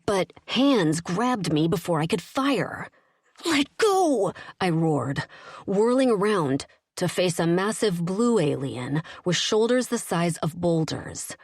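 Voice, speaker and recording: A woman narrating an audiobook in the first person, with a steady, even storytelling delivery. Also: lowish voice, a little slow, no echo, clean studio sound.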